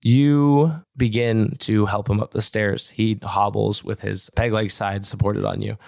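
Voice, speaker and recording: Low gravelly game master. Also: male voice, fairly even intonation, unhurried, darkish tone, no echo, studio quality. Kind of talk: narrating a tabletop game.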